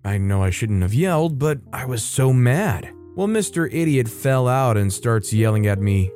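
A man's voice: medium pitch, very animated, unhurried, few pauses, dark tone. Male story narrator over faint guitar. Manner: wry, conversational commentary between stories. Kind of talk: reading online stories aloud.

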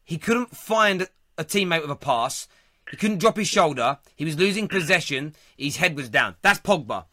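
A man's voice: fairly high pitch, lively intonation, normal speed, pushed and bright, no echo, clean studio sound. A man hosting a radio phone-in, firmly pushing back and insisting on being heard. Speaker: radio host. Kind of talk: phone-in debate.

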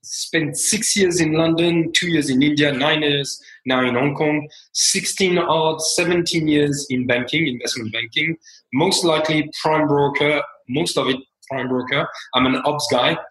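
A man with a French accent, a company co-founder answering interview questions at an unhurried pace and often trailing off quietly. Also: on the high side. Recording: roomy echo.

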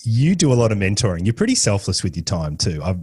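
A man's voice: fairly low pitch, sing-song, fast, a little mellow, husky. A man hosting an interview who asks appreciative questions. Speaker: interviewer, host.

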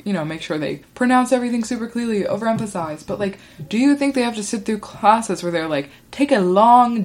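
A woman's voice: medium pitch, darkish tone. A woman hosting a solo podcast, talking in a chatty, rambling way with lots of "like" fillers. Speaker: podcast host. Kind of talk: casual solo monologue.

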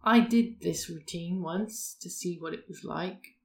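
A woman's voice: fairly low pitch, measured pace, creaky, a little mellow. A woman, co-hosting a casual podcast chat and explaining a routine step by step. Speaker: podcast co-host.

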